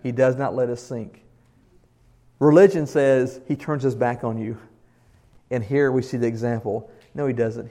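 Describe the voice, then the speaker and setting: A man's voice: mid-range voice, moderate pace. A male pastor delivering an earnest, emphatic sermon and asking the congregation questions. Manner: earnest, emphatic preaching with shifts in loudness.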